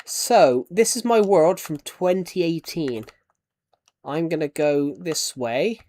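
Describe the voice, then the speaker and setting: A young British man streams a game and chats casually, thanking viewers and donors and trailing off before restarting. His voice is fairly high and mellow, and he moves at a slow pace.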